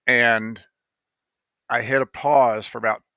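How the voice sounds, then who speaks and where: A man's voice: medium pitch, fairly even intonation, slow pace, bright, forceful tone, clear, resonant tone, dry recording. A man telling how he came to write a poem, in a rambling casual monologue full of fillers and restarts, blunt and now and then swearing.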